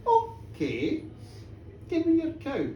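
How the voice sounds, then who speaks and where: A woman's voice: high-pitched, wildly swooping pitch, slow pace, mellow, lo-fi sound, a little hiss or hum, voice pushed up, exaggerated voice. A woman voicing a sly, wicked little male leprechaun with a coaxing, lilting manner. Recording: echoey pub room, distant mic.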